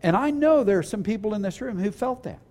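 A pastor delivering a sermon in a church hall, his voice pitched high and swinging widely in melody. The tone stays mellow and warm despite the height. He speaks earnestly, stumbling over restarts and slowing right down on the words he wants to land. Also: lively intonation. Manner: earnest, with restarts and slowed emphasis.

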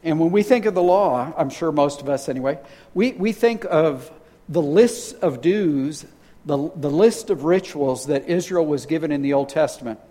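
A man's voice: fairly high pitch, expressive, normal speed, warm tone. A middle-aged man preaching a sermon as pastor, earnest, reading scripture aloud and often repeating words as he goes.

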